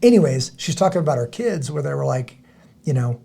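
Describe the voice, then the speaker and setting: A middle-aged man hosting a podcast in casual chat, rambling and halting, with many restarts and fillers. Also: medium pitch, very animated, gravelly, warm tone, slight background noise. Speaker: podcast host.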